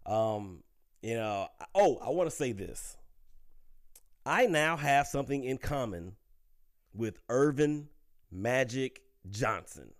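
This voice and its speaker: Lively, chatty male show host. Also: mid-range voice, slow, long pauses. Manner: chatty, playful, upbeat. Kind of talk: casual interview hosting.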